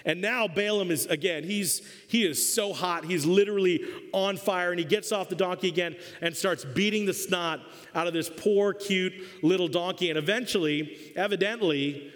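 Animated, joking male pastor in a hall. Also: sits high, normal speed. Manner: animated, humorous storytelling. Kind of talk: sermon. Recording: long reverb of a church hall.

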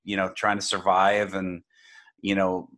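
A man with a fairly low voice tells a long personal story to an interviewer. He talks loosely and conversationally, circling back with restarts and fillers as he goes. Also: completely flat delivery, a little slow, fairly bright tone. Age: adult. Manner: rambling, many fillers and restarts. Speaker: guest sharing a personal faith story.

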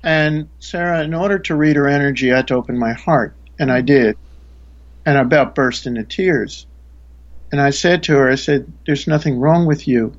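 A man's voice: mid-range voice, normal speed, muffled recording. A man, a spiritual teacher, earnestly telling a story in a conversation, often restarting his sentences.

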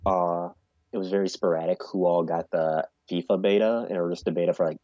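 A man's voice: sits low, steady tone, quick pace, mellow, dry recording, muffled recording. A man co-hosting a podcast, chatting casually and rambling about video game releases. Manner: casual, rambling, mock-formal announcer bits. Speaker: podcast co-host. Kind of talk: casual gaming chat.

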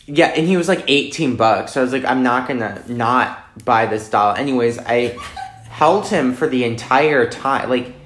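A woman's voice: very deep voice, normal speed. A young woman chatting casually on a podcast in a laid-back, rambling way. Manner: laid-back, drifting with fillers like "anyways". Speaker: podcast co-host. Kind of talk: casual chat. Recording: echoey room with clear background noise.

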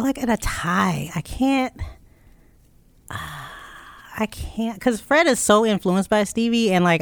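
Low-voiced woman in casual chat. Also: dry recording. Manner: chatty, enthusiastic about music.

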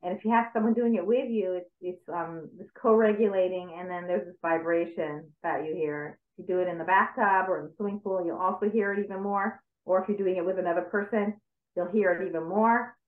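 A woman coach talks listeners through a grounding and breathing exercise in a calm, step-by-step way. Her voice comes through thin and phone-like, with an echo from the room around her. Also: fairly low pitch, fairly quick. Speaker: stress coach. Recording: tinny call audio in an echoey room.

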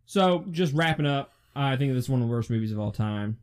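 Young guy ranting about a movie, cussing a lot, laughing, average pitch, laid back podcast chat. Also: expressive, a little fast, clean tone. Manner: blunt, swears a lot, laughs often. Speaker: podcast co-host. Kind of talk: casual movie review chat.

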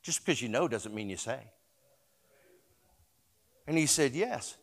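A male pastor preaching a sermon and telling a story, moving between hushed retelling and loud, emphatic exhortation, and calling on the congregation to repeat words after him. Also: medium pitch, lively intonation, measured pace, long reverb tail.

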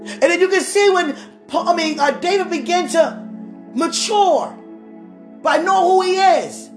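Woman preacher, impassioned sermon, slow deliberate delivery, very high voice. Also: animated. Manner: impassioned, rising to shouts, calls to the congregation. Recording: echoey room with faint music.

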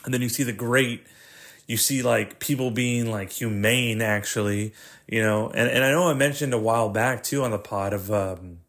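A man's voice: mid-range voice, moderate pace, fairly bright tone. A man hosting a casual solo podcast, rambling and swearing with lots of fillers and restarts. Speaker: podcast host.

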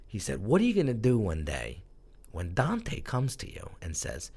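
A man's voice: lowish voice, huge pitch swings, normal speed, darkish tone, slightly rough. A man telling his own story in a conversational interview, candid and emotional, swearing now and then. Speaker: guest, brand strategist.

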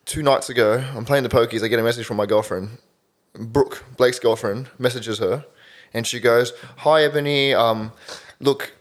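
A man's voice: mid-range voice, normal speed. A young man hosting a podcast, teasing his friends and telling sweary stories in casual chat. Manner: lively, teasing, sweary storyteller. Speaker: podcast host.

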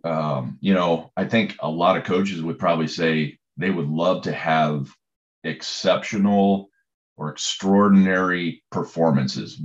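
A coach with a deep voice tells stories in conversation, rambling with lots of fillers and restarts. The sound is lo-fi.

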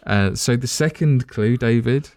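A man runs a relaxed quiz for his friends, reading out clues and ribbing the players with playful asides. His voice sits at an ordinary middle pitch and sounds dry and close, with no room around it. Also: measured pace, no room sound. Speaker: quiz host. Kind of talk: casual quiz among friends.

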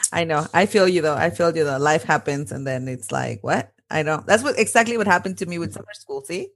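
A woman's voice: low voice, a little fast. A woman in her thirties co-hosting a podcast in casual chat, laughing often and mixing in Spanish phrases. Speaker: podcast co-host.

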